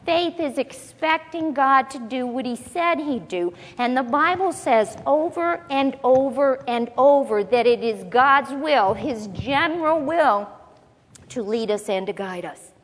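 A woman with a high voice gives a conversational Bible teaching. She talks casually and often puts rhetorical questions to her listeners. Her voice rings with a long reverb, as in a large hall. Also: measured pace. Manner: chatty, asks the audience rhetorical questions.

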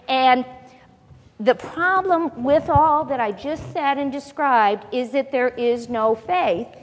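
A woman's voice: sits high, in a large hall. A woman giving a chatty Bible teaching, asking her listeners rhetorical questions as she goes.

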